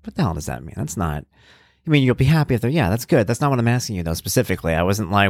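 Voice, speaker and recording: Dad podcaster, solo mic, loose conversational ramble, dead-dry booth sound. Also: male voice, fairly low pitch, very animated, fast, vocal fry, no echo. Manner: rambling, conversational, thinks aloud with fillers. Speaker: podcast host. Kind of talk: casual solo podcast monologue.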